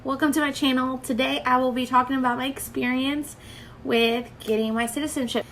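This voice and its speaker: A woman's voice: high voice, fairly even intonation, brisk, background noise. A young woman telling a personal story to camera in a casual, chatty way, full of fillers and quoted dialogue. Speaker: vlogger.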